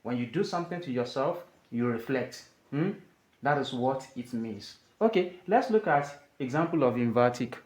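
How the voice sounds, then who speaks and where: A man's voice: medium pitch, expressive, moderate pace, darkish tone, reverberant. A man, a Yoruba speaker, teaching an English grammar lesson and asking his listeners rhetorical questions.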